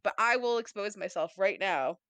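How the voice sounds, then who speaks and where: A woman's voice: mid-range voice, expressive, moderate pace, sharp tone, clean tone, no room sound. Playful swearing woman podcaster, dry sound. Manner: playful, swears casually, rambling. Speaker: podcast co-host. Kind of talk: casual chat. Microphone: desk mic, typing nearby.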